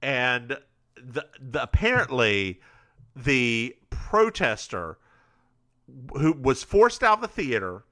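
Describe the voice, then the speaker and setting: A man co-hosting a podcast, casually recapping a TV episode as an animated storyteller. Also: medium pitch, slow pace. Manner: animated storyteller, slips into voices. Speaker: podcast co-host.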